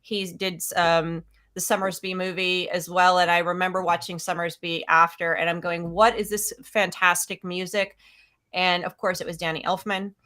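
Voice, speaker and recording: A woman's voice: fairly low pitch, flat delivery, normal speed, hardly any pauses, bright, forceful tone. A woman co-hosting a casual film discussion, talking enthusiastically and laughing often. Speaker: podcast co-host.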